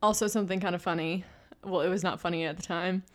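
Chatty young woman, low-pitched voice. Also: steady tone, fast. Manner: chatty, lots of fillers and restarts. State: pregnant. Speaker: podcast co-host. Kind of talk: casual chat.

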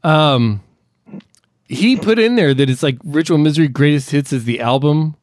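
A man's voice: a little high, animated, moderate pace, no room sound, clean studio sound. A man hosting a casual podcast with a friend, joking around, swearing freely and rambling. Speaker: podcast host.

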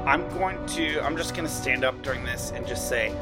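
A man's voice: medium pitch, fairly quick, over music. A man playing a tabletop game, brash and theatrical as he describes his moves. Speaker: player. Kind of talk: casual tabletop play.

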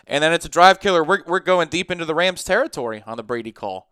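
A man co-hosting a sports talk podcast, chatty and animated, spinning stories and asides. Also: fairly high pitch, quick pace, smooth, no echo, studio quality.

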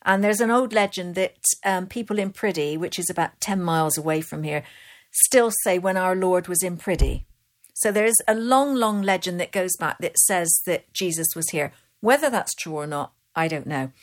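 Woman, Bristol accent, fast chatty storyteller, interview guest. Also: on the low side. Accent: Bristol English. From Bristol, England. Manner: quick, chatty, laughs easily. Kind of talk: casual storytelling chat.

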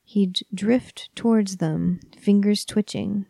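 Slow, gravelly, hushed woman storyteller. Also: mid-range voice, fairly even intonation, dry recording. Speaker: narrator. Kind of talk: soft, whispery horror story reading.

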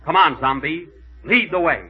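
A man hosting and starring in a 1930s radio comedy sketch, with indignant, deadpan comic timing. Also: on the high side, moderate pace, breathy edge, highs cut off. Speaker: comedian host. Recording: scratchy 1930s radio broadcast.

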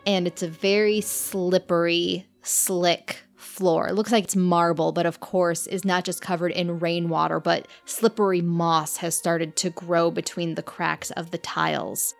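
A woman game master narrating a tabletop game in a measured, descriptive way. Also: lowish voice, creaky. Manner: measured, descriptive scene-setting.

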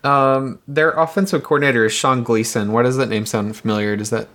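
Male podcast host, mid pitch, relaxed list-reading, casual chat delivery. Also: brisk. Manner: relaxed, reads through a list with fillers.

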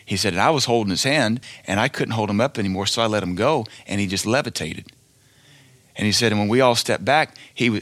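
A man's voice: lowish voice, fairly bright tone, no echo. A male preacher giving a fiery sermon, blunt and scornful, hammering each point with emphatic declarations.

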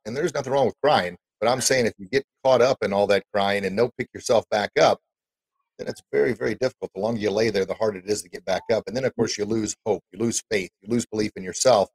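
A male podcast host with a lowish voice who talks quickly. He is chatty and encouraging as he draws out his guest. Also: poor audio. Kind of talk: casual interview chat.

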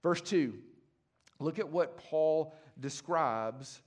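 A young adult man preaching a sermon as pastor, conversational and passionate, moving from hushed to emphatic. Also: a little high, drawn-out words.

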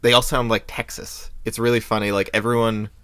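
A man's voice: fairly low pitch, level tone, a little fast, crowd noise. A man from the United States hosting a podcast in casual chat, loose and hesitant, often laughing through his words. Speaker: podcast host.

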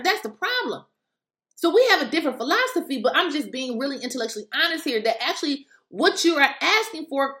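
A woman delivers impassioned political commentary with a high, bright voice that swings widely in pitch. She is emphatic and preachy, hammering points home and addressing viewers directly. Her voice rings off an echoey room. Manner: emphatic, repeats points for stress.

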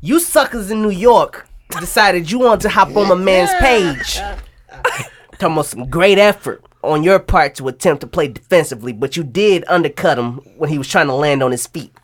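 A man's voice: on the high side, moderate pace, fairly bright tone. A man co-hosting a casual commentary show, delivering a heated, profane, slang-filled rant. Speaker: co-host.

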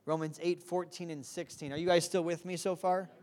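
A woman's voice: on the low side, steady tone, fairly quick, a little mellow. A woman preaching a sermon, earnest and direct, who often asks the congregation to respond.

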